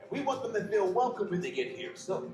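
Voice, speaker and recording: A man hosting a live theme park pre-show, theatrical and upbeat as he warms up the crowd. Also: sits high, sing-song, quick pace, roomy sound, faint music behind. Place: outdoor theme park stage.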